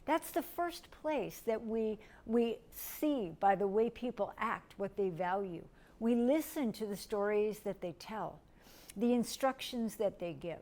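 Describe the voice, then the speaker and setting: A middle-aged woman from the United States, teaching a lecture in a gentle, step-by-step way and asking her listeners questions. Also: on the high side. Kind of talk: recorded lecture.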